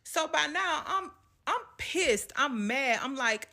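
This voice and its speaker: Animated woman telling a story. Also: high voice, takes it slowly. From Southern US. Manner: animated, laughs often, acts out quotes. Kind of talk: storytime vlog.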